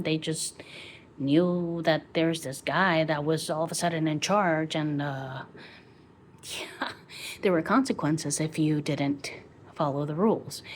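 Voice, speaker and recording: A woman vlogger rambling passionately through a story in a casual monologue. She speaks slowly in a lowish voice, slipping into near whispers, with faint noise behind her.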